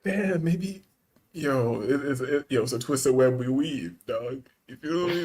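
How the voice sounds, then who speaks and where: A man's voice: mid-range voice, animated, moderate pace, darkish tone. Man, casual reaction chat, loose slang-heavy delivery, easygoing riffing. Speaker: podcast host reading chat.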